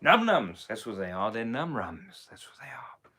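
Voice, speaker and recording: His voice is lowish and fairly bright, with lively intonation and a moderate pace. The man is doing an impersonation of a swaggering, rum-loving pirate captain, bantering on a live stream in jokey pirate speak.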